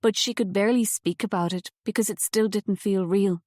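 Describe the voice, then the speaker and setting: Woman narrator, audiobook reading, measured pace, mid voice, dry close sound. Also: medium pitch, fairly even intonation, a little mellow, dry recording. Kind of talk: scripted narration.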